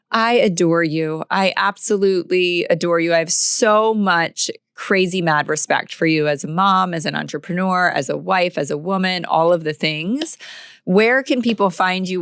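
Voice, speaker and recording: A woman's voice: lowish voice, no room sound, studio quality. A woman hosting an interview podcast, chatting casually with lots of affirming interjections and effusive praise for her guest. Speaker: podcast host.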